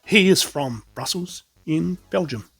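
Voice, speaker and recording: A man's voice: on the high side, animated, unhurried, creaky, fairly bright tone, slightly rough, soft background music. A man from South Australia with an Australian accent, presenting his toy collection in a chatty, enthusiastic way. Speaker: toy collector vlog host. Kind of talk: casual show-and-tell presenting.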